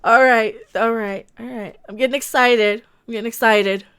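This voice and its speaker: A woman's voice: a little high, fairly even intonation, moderate pace, fairly bright tone, clean tone. A woman hosting a livestream, reacting to a trailer and ranting emotionally, swearing and laughing between lines.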